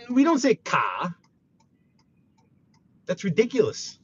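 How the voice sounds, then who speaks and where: Animated New York man chatting from his car. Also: on the high side, moderate pace, long pauses, highs cut off, slight background noise. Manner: chatty, reads chat aloud, animated outbursts. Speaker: live-streaming driver. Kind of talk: casual live-stream chat while driving. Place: inside a car.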